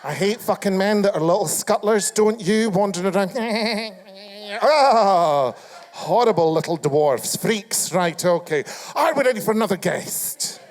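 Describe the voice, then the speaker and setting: High-voiced Scottish host roasting a crowd. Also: male voice, lively intonation, a little slow. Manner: foul-mouthed, camp, teasing the audience. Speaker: chat show host. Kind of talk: live stand-up crowd work. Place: live comedy venue.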